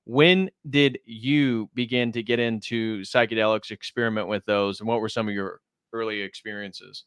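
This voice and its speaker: Man, stream host, calm interviewer, smooth resonant voice, dry close sound. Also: fairly low pitch, moderate pace, no room sound. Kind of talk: livestream interview.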